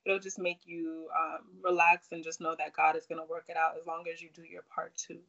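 A woman hosts a faith podcast, affirming her guest and summing up what was said. Her voice is bright and clear-edged, in a dull, lo-fi recording. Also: on the low side, monotone, fairly quick. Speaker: podcast host. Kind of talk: faith-based podcast chat.

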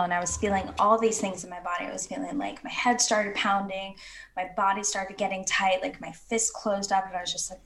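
Woman in her 30s on a podcast, earnest rambly chat, lots of "like", bit of vocal fry. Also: mid-range voice, flat delivery, a little fast, a bit bright. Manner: earnest, flowing, many "like" fillers. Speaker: podcast guest, women's coach.

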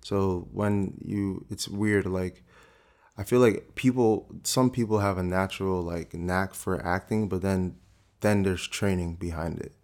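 A young man in his twenties, a guest actor, telling his story in a relaxed, casual way with lots of fillers. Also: sits low, unhurried. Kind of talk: casual interview conversation.

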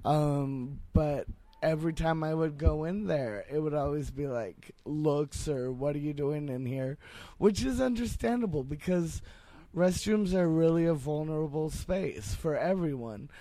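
A man's voice: a little high, animated, measured pace, dark tone, no echo. A young trans man, a podcast guest, speaking earnestly and thoughtfully in casual chat.

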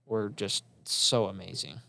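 A man's voice: sits low, measured pace, vocal fry, bright, forceful tone. A young man co-hosting a college sports talk show, recapping games in a loose, casual way with lots of fillers. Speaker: college sports podcast co-host.

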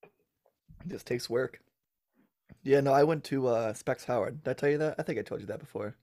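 Male podcast guest, mid-pitched, relaxed conversational tone, quick to laugh. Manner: easygoing, laughs often. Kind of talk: casual chat.

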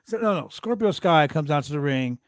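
A man hosting a casual wrestling recap show, talking in an animated, profane way and acting out quotes from the show. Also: fairly high pitch, a little fast, no echo. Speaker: podcast host recapping wrestling.

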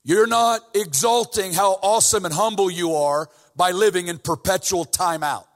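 Man, preacher, sermon in church, slightly high voice, casual then fervent, long hall reverb. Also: normal speed. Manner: conversational, builds to fervent emphasis. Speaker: guest preacher. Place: church sanctuary.

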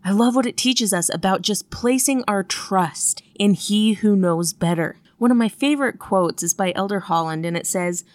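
A woman's voice: mid-range voice, moderate pace, few pauses, darkish tone, dry recording. A woman teaching a scripture lesson in an earnest, emphatic way, building points through repetition. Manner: earnest and emphatic, stacking repeated phrases. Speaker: gospel study teacher. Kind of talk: devotional lesson.

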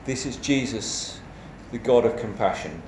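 A man's voice: medium pitch, animated, darkish tone, a little hiss or hum. Male preacher, emphatic sermon delivery, echoey hall with faint ambience. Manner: measured, emphatic delivery with rhetorical questions.

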